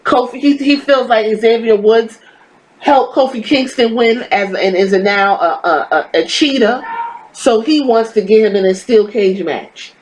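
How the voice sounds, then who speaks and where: A woman's voice: on the high side, unhurried, a little hiss or hum, poor audio. A woman hosting a podcast, giving a casual wrestling review in a blunt, profane, exasperated and sarcastic rant. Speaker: podcast host.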